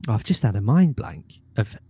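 Guest, male actor, animated and giggly, hesitant; dry close mic. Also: fairly low pitch, normal speed, husky, dry recording. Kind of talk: casual chat.

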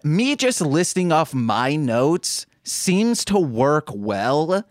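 A man's voice: on the high side, very animated, very slow, no room sound, clean studio sound. A man co-hosting a podcast, telling rambling stories in casual chat and acting out quoted dialogue. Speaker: podcast co-host.

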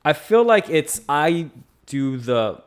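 A man's voice: on the high side, sing-song, takes it slowly, clean tone. Rambling young guy hosting a podcast. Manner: loose, rambling, lots of fillers. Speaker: podcast host. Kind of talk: casual podcast chat.

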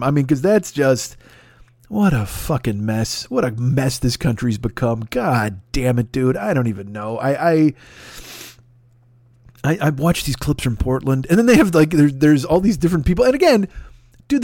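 A man's voice: fairly high pitch, darkish tone, dry recording, studio quality. A man hosting a comedic podcast, delivering a profane, rambling, exasperated rant.

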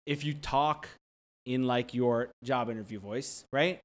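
A young man co-hosts a loose, casual chat at an ordinary pitch. He rambles through his points with plenty of "like" fillers and breaks into brief, animated impressions. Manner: rambling, heavy use of "like" fillers; animated, drops into quick voice impressions.

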